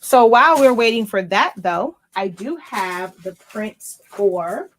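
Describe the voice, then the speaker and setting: A middle-aged woman who owns a small printing business chats casually while she works through a live craft demo. She thinks out loud and corrects herself mid-sentence. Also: medium pitch, animated, slow pace, a little hiss or hum. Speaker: small business owner demonstrating sublimation printing.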